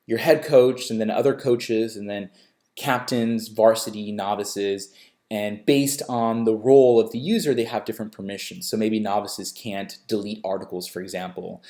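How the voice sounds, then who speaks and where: A man walking through a software dashboard in a casual tutorial, talking loosely with many fillers and restarts. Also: on the low side. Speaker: software company representative giving a tutorial. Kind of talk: screen-share tutorial walkthrough.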